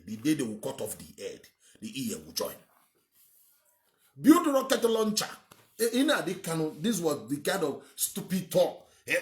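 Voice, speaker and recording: Nigerian man, host, lively rising-and-falling delivery, repeats himself for emphasis, opinion piece. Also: medium pitch. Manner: emphatic, repetitive, rambling. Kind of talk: opinionated monologue.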